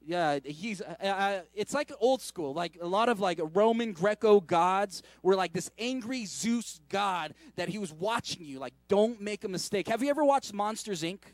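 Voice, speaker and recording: High-voiced man preaching casually. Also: lively intonation, normal speed, few pauses, dry recording. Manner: casual, conversational preaching with many asides and restarts. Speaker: pastor. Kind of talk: sermon.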